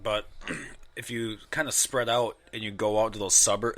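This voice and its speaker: A young man chatting on a casual podcast with a bright, forward voice. He swears constantly and ranges widely in tone. He often breaks into exaggerated mocking impressions of other people. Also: on the low side, flat delivery, normal speed. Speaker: podcast co-host.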